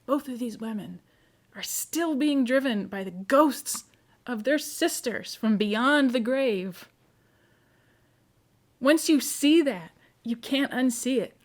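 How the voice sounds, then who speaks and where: A woman presenting a casual, chatty talk on novels, full of quick asides. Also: fairly high pitch, animated. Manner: chatty, quick asides, mimics characters she discusses. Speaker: conference presenter.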